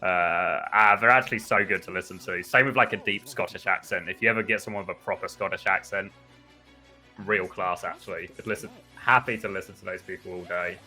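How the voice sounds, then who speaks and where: A man from the United Kingdom with a British accent, casually commentating a live esports match, rambling between plays and bursting with excitement at big moments. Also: low voice, fairly quick, faint music behind.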